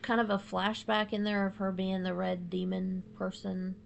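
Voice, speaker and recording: A woman's voice: mid-range voice, completely flat delivery, moderate pace, gravelly. A woman co-hosting a horror podcast, chatting casually and making dry, matter-of-fact remarks about a movie. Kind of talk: casual movie review chat.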